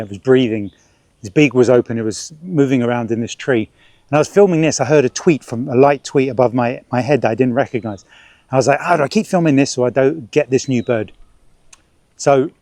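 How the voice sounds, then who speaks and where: A middle-aged man talks to camera while birdwatching in a city park, chatty and stop-start. His voice sits mid-range in pitch. The sound is dry and close. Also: darkish tone, no room sound. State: sweating, swatting ants and bugs. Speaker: birdwatching vlogger. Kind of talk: casual outdoor vlog narration.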